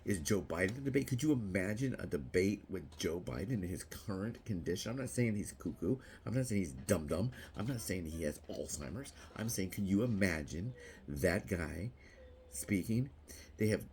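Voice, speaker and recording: A middle-aged man giving a rambling political vlog monologue, mocking and laughing at his own jokes, breaking into shrill squeals. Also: darkish tone, a little hiss or hum. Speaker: vlogger.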